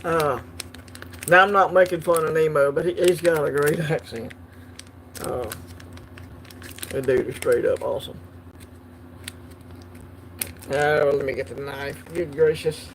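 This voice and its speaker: A man's voice: a little high, steady tone, moderate pace, long pauses, a bit bright, a little hiss or hum. A man hosting a coin collecting channel, chatting casually and laughing easily while unboxing on a livestream.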